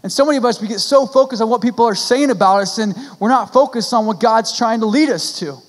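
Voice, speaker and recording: A young male pastor with a notably high voice preaching a sermon in a church, his words trailing into a long hall reverb. He talks earnestly and pleadingly, restarting phrases and leaning on casual fillers. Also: fast talker. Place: church sanctuary.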